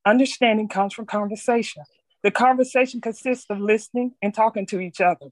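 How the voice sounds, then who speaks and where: A middle-aged woman reading a personal reflection aloud to a group, earnest and measured, stumbling now and then. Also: medium pitch, steady tone, dry recording. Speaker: speaker sharing her story.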